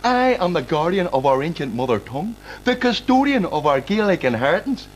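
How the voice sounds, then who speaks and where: A man's voice: a little high, sing-song, brisk, slight background noise, rough recording. An actor with a Belfast accent playing a lazy, blustering father who has been made a party spokesman, whiny and pompous by turns. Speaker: sitcom character. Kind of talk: sitcom acting.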